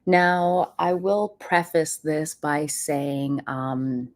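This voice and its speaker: Slow-talking low-voiced woman on a livestream. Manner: chatty, addresses viewers as friends. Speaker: host of a livestream channel. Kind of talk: casual livestream commentary. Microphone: computer mic on a live stream.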